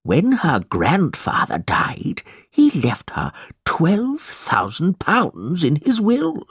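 A man's voice: wildly swooping pitch, slightly rough, dry recording, studio quality, exaggerated voice. A man voicing a whiny old moneylender. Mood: aggrieved. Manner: slow, drawn-out, high-pitched whine. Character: scheming old male moneylender.

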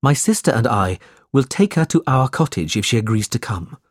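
A man's voice: medium pitch, animated, normal speed, dry recording, clean studio sound, natural voice. A man voicing an earnest, brave young man in a storybook reading, urgent and sincere.

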